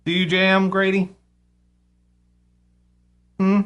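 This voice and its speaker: A man's voice: sits high, lively intonation, slow, a bit bright. A man hosting a casual live radio show, rambling and sarcastic, swearing freely as he talks.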